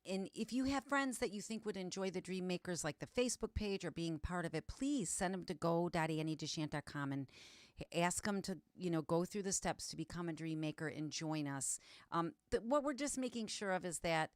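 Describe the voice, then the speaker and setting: A woman's voice: on the low side, lively intonation, fairly quick, clean studio sound. Chatty woman hosting a livestream, echo doubling. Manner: chatty, laughing, restarting sentences. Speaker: livestream host. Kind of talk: casual livestream chat. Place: home studio in Georgia.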